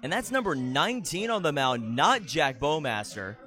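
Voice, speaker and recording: A man's voice: on the high side, very animated, moderate pace, sharp tone, soft background music. A man calling a baseball game play by play, with dry, teasing banter with his partner between the plays. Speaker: play-by-play commentator. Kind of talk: live baseball commentary.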